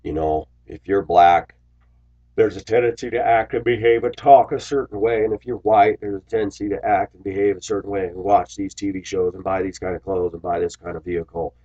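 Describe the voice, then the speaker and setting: Man, husky low voice, animated storyteller, muffled lo-fi recording. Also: a little fast. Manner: animated, acts out quoted voices. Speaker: bus driver. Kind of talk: casual storytelling monologue. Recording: dull lo-fi sound.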